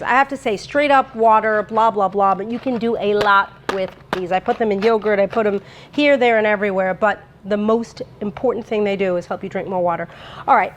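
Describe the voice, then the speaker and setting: A woman presenting a sponsored cooking demo in a home kitchen, talking in a chatty, bubbly way with lots of fillers. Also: medium pitch. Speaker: brand presenter.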